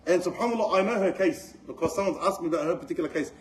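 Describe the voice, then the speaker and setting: A middle-aged man giving a religious lesson, telling stories in an animated way and mixing in Arabic phrases. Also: high voice, fast talker, few pauses, low-quality recording. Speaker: Islamic teacher.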